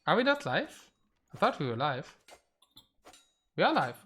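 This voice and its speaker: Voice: medium pitch, big pitch swings, measured pace, a bit bright. A game stream caster giving casual live commentary, thinking aloud and reacting to the play at a desk mic.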